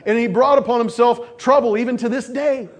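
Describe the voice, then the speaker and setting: A man preaching a lively sermon who acts out the voices of scripture figures as he tells the story. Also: very high-pitched, fairly quick. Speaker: pastor.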